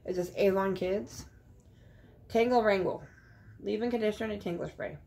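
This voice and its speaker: Blunt, gravelly middle-aged woman vlogger. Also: medium pitch, normal speed, mellow. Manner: blunt, cusses casually. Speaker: beauty vlogger. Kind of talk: casual unboxing chat.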